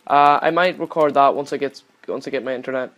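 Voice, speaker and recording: A young man giving casual gameplay commentary as a channel host. He swears constantly and yells at the game whenever it goes wrong. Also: mid-range voice, quick pace.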